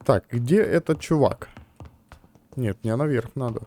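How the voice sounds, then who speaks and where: A man's voice: medium pitch, expressive, measured pace, dark tone. A man casually talking to himself while playing a game, muttering and joking about what he sees. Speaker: let's-play gamer. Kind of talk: casual gameplay commentary.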